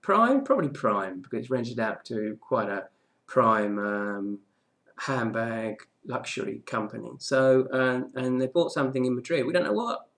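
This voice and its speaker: A man's voice: mid-range voice, moderate pace, a bit bright. A man presenting a casual daily property market news update, chatty, with frequent "okay"s and restarts.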